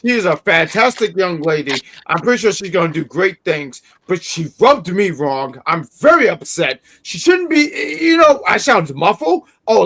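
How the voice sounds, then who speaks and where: A man co-hosting a wrestling review livestream, ranting and yelling in theatrical mock outrage. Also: sits high. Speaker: wrestling review show co-host. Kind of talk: livestream chat.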